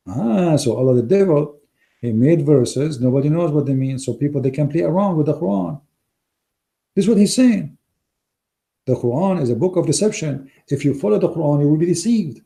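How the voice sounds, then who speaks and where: Hoarse, emphatic man with a dark voice. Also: fairly high pitch, brisk. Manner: emphatic, scornful, non-native grammar. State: hoarse, losing his voice. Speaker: online Christian debater. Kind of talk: polemical talk to a live audience.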